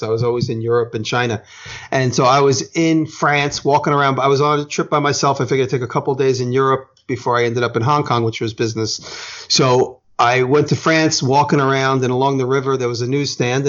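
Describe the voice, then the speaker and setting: An American man spins a long, meandering story in casual podcast chat, backing up to correct himself and dropping the odd curse. His voice sits at an ordinary middle pitch. The recording sounds dull and lo-fi. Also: fairly even intonation, fast. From United States. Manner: rambling, self-correcting, profane.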